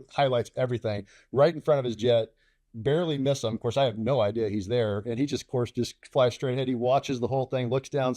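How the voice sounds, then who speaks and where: Fast-talking man telling a war story. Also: a little mellow, no echo, studio quality. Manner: acts out radio calls and dialogue, rising sharply in pitch. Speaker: fighter pilot guest.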